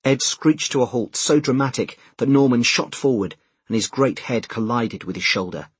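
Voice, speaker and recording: A man reading an audiobook with a husky, slightly breathy tone and a measured, expressive delivery. His pitch sits in the middle range, and the recording is dry and close, with no room sound. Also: no room sound. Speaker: narrator. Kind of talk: scripted audiobook narration.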